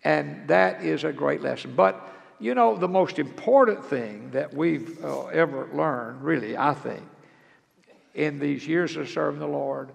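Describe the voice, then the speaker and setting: Gravelly older male preacher. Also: a little high, expressive, a little slow. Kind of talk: sermon. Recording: long hall reverb.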